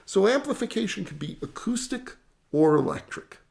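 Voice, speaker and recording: A man teaching how sound is amplified in an explainer lesson, animated and self-mocking, demonstrating with sound effects and dad jokes. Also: sits high, normal speed, vocal fry. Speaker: tech educator.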